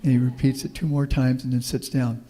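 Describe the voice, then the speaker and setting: A middle-aged Houston native and guest professor addresses the public with folksy anecdotes, then takes questions from the audience. His mid-range voice is brisk and dark-toned, with little pitch movement. The long reverb of a meeting hall is audible.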